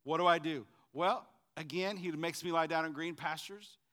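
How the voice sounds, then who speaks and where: High, bright-voiced preacher man. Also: normal speed. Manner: call-and-response preaching, swinging from shouts to quiet asides. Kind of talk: sermon.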